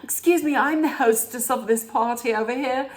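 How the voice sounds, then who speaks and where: A woman putting on the voice of a haughty, indignant hostess demanding that a guest be thrown out, in a shrill, imperious tone. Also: moderate pace, slight background noise, lightly acted.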